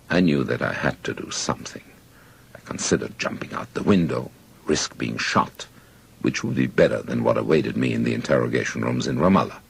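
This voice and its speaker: A man narrating an audiobook in first person with measured storytelling. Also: rumbling low, gravelly, breathy edge.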